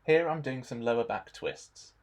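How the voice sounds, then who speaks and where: A young man narrating a stretching warm-up demonstration in a relaxed instructional voice-over, adding dry jokes. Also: mid-range voice, normal speed. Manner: dry, joking asides.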